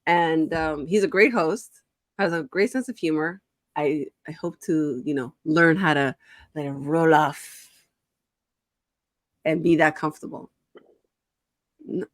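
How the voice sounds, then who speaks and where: A woman's voice: sits low, dry recording, clean studio sound. A woman hosting an interview show, introducing her guest with enthusiasm. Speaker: host.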